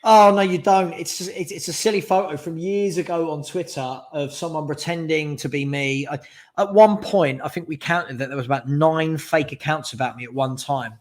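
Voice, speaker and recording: This fan channel host runs a live stream at a moderate pace, his voice slightly high. He reads viewer questions aloud and answers casually with firm opinions.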